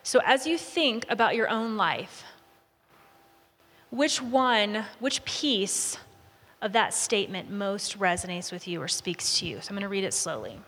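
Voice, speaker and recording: A woman leading a Bible study class, speaking in a relaxed, conversational way and inviting answers from the group. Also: mid-range voice, a little slow. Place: large room with a group. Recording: long reverb of a large hall.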